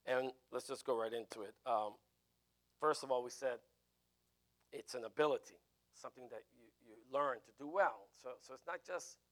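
A man's voice: medium pitch, moderate pace. A man preaching an informal teaching sermon, conversational, with frequent restarts and "right?" asides. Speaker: pastor teaching a Bible class.

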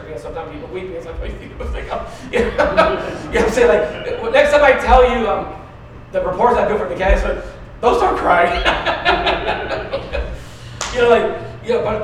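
Pastor guy preaching, high voice, super echoey church hall, mic kinda far off. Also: a little hiss or hum. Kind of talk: sermon. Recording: very echoey room, mic at a distance.

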